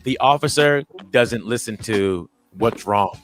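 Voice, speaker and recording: A man co-hosts a podcast at a measured pace with soft music in the background. He retells a story casually and with energy, acting out the quoted people with big leaps in pitch.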